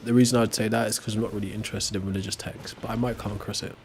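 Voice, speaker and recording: A man's voice: lowish voice, flat delivery, rapid-fire, faint music behind. An English man with a working-class accent, chatting casually while gaming and often asking "right?". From England. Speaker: streamer.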